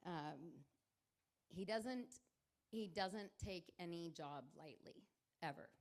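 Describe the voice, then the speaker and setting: A woman's voice: lowish voice, takes it slowly. Middle-aged woman giving a tearful wedding toast. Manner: tearful, laughing through tears, rambling. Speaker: groom's mother giving a wedding speech. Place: wedding reception hall.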